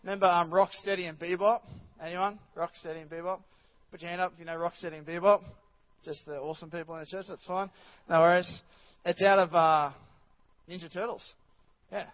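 High-voiced, rambling preacher man. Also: fairly even intonation, a little fast, lo-fi sound. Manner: chatty, rambling, with many restarts and asides to the congregation. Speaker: pastor. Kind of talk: sermon. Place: church.

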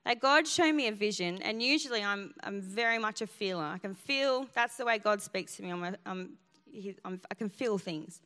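A woman's voice: mid-range voice, moderate pace, few pauses, pushed and bright. A woman pastor preaching a sermon, telling a personal story in an emphatic way. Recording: long hall reverb.

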